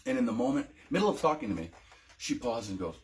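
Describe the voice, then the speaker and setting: A U.S. veteran talks fast in a medium-pitched, sing-song voice as he tells his own story for a testimony vlog. Emotion shows through his hesitant delivery, full of ums and restarts.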